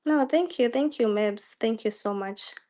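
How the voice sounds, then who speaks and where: A woman's voice: a little high, a little slow, a little mellow. A Kenyan woman hosting a live online discussion, firm and emotional, slipping into Swahili. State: emotional, near tears. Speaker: host. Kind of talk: live audio space discussion.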